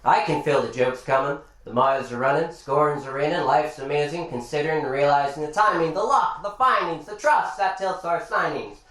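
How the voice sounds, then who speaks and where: A man from Ireland performing spoken-word poetry and deadpan jokes at a live bar gig, with rapid rhyming delivery. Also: fairly high pitch, distant mic. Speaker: poet and comedian. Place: bar function room. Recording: echoey live room.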